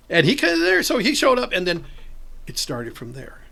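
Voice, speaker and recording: A man's voice: sits high, normal speed, gravelly, breathy edge. An older man from northern Illinois, a chess club organizer telling stories in a casual interview and acting out the voices of the people in them. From northern Illinois, USA. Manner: animated storyteller acting out quoted voices, laughs often.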